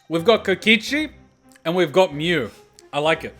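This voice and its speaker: Male gamer, high-ish voice, excitable rambling playthrough commentary. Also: normal speed, faint music behind. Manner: excitable, swears in reactions, rambles into tangents. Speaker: gaming YouTuber. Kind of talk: let's play reaction commentary.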